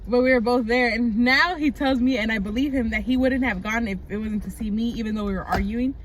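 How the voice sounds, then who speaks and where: A woman's voice: fairly high pitch, brisk. A young woman telling stories casually on a couple's vlog, chatty and full of "like" and "um". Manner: chatty storyteller, many "like"s and "um"s. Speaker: vlogger. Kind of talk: casual chat. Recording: light background noise.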